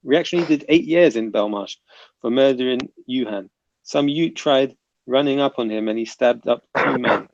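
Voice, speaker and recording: A man with a gravelly, creaky voice hosts a casual livestream panel, reading out chat comments and bantering with guests. The sound is dry and close, with a muffled, lo-fi quality from online call audio. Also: mid-range voice, moderate pace, a little mellow, dry recording.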